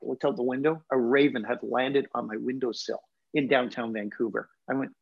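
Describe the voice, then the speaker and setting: A man's voice: medium pitch, fairly even intonation, quick pace, gravelly, breathy edge, lo-fi sound. A man in his sixties, raised in England, with a Canadian accent, telling personal stories reflectively in an interview. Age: 60s. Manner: reflective, emotional storyteller with laughs. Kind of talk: storytelling interview.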